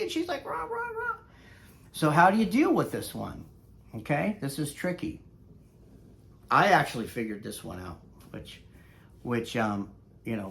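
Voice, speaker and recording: A man who is a dog trainer, telling a story in a casual vlog, rambling and conversational with frequent fillers. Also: medium pitch.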